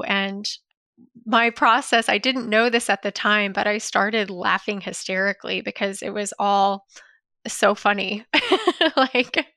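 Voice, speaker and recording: Woman, forties, fry in the voice, dry close sound; reflective spiritual storyteller with loose fillers. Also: mid-range voice, fairly bright tone, no room sound. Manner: reflective, dreamy, many "you know" and "like" fillers.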